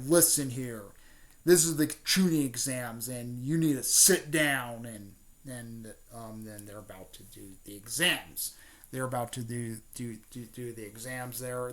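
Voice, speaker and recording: A man's voice: mid-range voice, fairly bright tone. A man casually retelling a fan story, rambling with many fillers and restarts.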